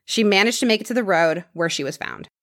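A woman's voice: mid-range voice, fast, fairly bright tone, dry recording. A woman hosting a podcast, telling a true crime story in a casual conversational way and dropping her voice for grim details.

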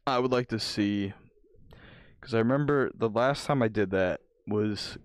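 Young man joking loosely, low voice. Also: measured pace, clean tone, dry recording, clean studio sound. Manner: loose, joking, swears often. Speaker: podcast co-host. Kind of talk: casual chat.

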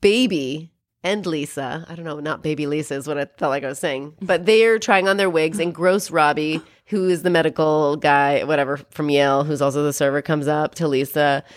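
Chatty low-voiced woman recapping a film. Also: fairly quick, no room sound, clean studio sound. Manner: chatty and animated, swears, acts out quotes. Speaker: podcast co-host. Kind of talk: casual movie recap chat.

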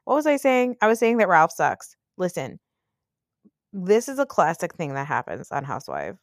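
Her voice is fairly low, sing-song, and gravelly, moving a little fast over a studio-quality recording with no room sound. This podcast host, down with the flu and talking from bed at home, rants through a reality TV recap with blunt sarcasm and free swearing.

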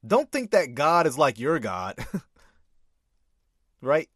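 A man's voice: fairly high pitch, very animated, very slow, a bit bright, slightly rough, no echo, studio quality. A man commentating on a sermon clip, reading scripture and arguing back with emphatic repeats and laughter.

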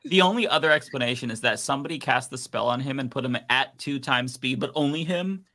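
Bright-voiced American man joking around. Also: mid-range voice, fast. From United States. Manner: jokey and goofy, puts on silly voices. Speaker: panel co-host. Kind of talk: casual group chat.

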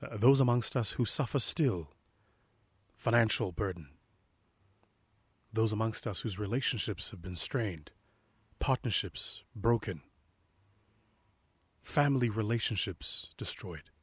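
A young man speaks slowly and deliberately in a reflective spoken meditation, his voice husky and breathy. He leans softly on key words and at times falls to a whisper. The sound is close and dry with no room around it. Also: fairly low pitch, no echo. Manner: slow, measured, softly emphatic, sometimes whispering. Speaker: inspirational speaker.

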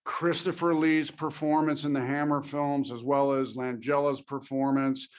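Reflective, halting male actor. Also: mid-range voice, level tone. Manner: thoughtful, halting, with many restarts. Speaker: actor, interview guest. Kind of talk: reflective interview answers.

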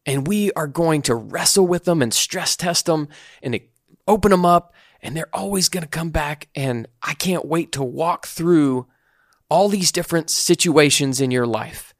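A man co-hosting a casual podcast, giving earnest, reflective faith advice at a slow, searching pace. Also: on the high side, dry recording, studio quality. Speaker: podcast co-host.

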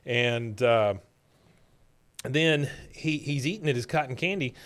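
A man's voice: mid-range voice, unhurried, a bit bright. A man retelling a cartoon episode scene by scene in a casual chat, now and then mimicking the characters' lines. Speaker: podcast host recapping episodes.

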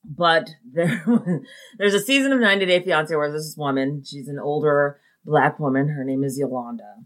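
Low-ish voiced woman co-hosting, blunt, swears a lot, laughs easy. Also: moderate pace. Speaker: podcast co-host. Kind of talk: casual chat.

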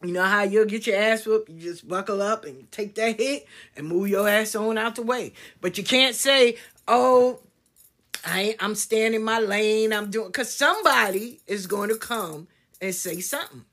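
A woman's voice: mid-range voice, normal speed. A woman speaking her mind in a casual monologue, blunt and profane, acting out other people's lines as she goes. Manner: blunt, profane, animated storytelling with acted-out quotes.

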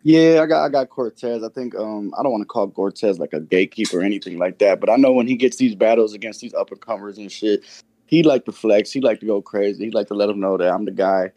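Low, mellow man, laid-back. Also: quick pace, no echo. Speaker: podcast guest. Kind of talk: casual chat.

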